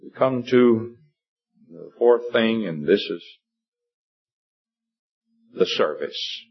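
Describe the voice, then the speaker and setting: A man's voice: animated, extremely slow, breathy edge, soft background music. A man preaching a sermon in an earnest, rambling way, his voice climbing for emphasis and stopping often for fillers. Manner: earnest, rises in pitch for emphasis, many fillers. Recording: dull lo-fi recording.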